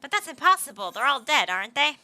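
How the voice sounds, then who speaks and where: A woman's voice: high voice, big pitch swings, fast talker, vocal fry, bright, forceful tone, voice pushed up, full character voice. A woman voicing an uneasy male gatekeeper who speaks formally and hesitantly.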